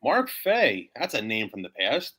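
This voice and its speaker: A male host asks his guests casual questions over a video call. He sounds lively and curious, and his pitch swings up and down a lot. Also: measured pace, a little hiss or hum. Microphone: video call mic.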